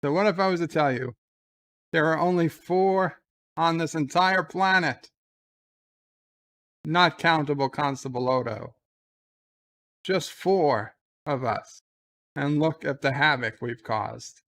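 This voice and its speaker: A man's voice: on the high side, slow, long pauses, a bit bright. A man reading a smug taunting shapeshifter.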